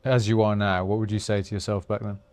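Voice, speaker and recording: A man's voice: fairly low pitch, little pitch movement, quick pace, a little mellow. A man hosting a podcast interview in a casual way, teasing and encouraging his guest. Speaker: podcast host.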